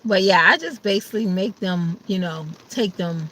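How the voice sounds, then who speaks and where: A woman's voice: mid-range voice, moderate pace, fairly bright tone, a little hiss or hum. A woman chatting casually to her viewers, sleepy and ready for bed, acting out her family's voices now and then. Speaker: vlogger. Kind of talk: casual chat to camera.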